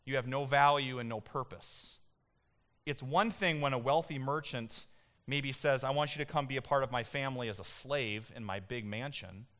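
A man's voice: mid-range voice, moderate pace, fairly bright tone. A male pastor preaching a sermon in a church, speaking emphatically and building to impassioned peaks. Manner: emphatic, rising to impassioned peaks when voicing God.

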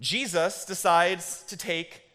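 A man preaching a sermon as pastor, moving between hushed and loud, excited storytelling, and asking the congregation to repeat words. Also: high voice, slow pace. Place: church sanctuary. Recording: long hall reverb.

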